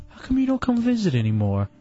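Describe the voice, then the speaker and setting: A man's voice: sits high, dark tone, muffled recording. A man hosting a call-in radio show, teasing his co-host and laughing often. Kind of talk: bantering call-in talk.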